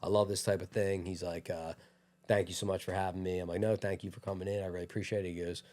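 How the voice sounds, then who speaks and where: A young adult man, a gym owner, telling a lively story in casual chat, acting out quotes and laughing often. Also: low voice, quick pace. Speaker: gym owner, podcast guest.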